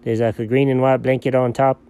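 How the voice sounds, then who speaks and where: A man playing a scatterbrained, excitable male buddy in comedy banter, jumping between low mumbles and sudden high yelps. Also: a little fast, clean tone, natural voice. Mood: goofy. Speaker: co-host.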